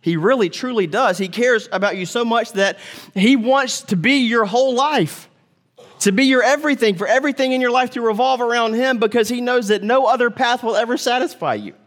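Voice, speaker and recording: A male pastor preaching a sermon, animated, acting out quoted voices and dropping to soft, tender tones. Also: extremely high pitch, brisk.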